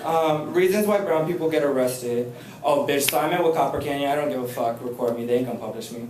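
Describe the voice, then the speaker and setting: Young male poet at a live reading: slow, even delivery on the poems, loud brash cursing banter in between; captured from far off in a noisy, echoey room. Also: mid-range voice. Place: indoor reading event.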